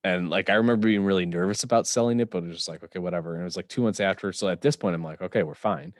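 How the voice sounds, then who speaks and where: Brief: young guy, very low voice, halting chatty storyteller, dry close sound. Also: no echo. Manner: halting, with "um" and "like" fillers. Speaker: podcast co-host. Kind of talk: casual storytelling.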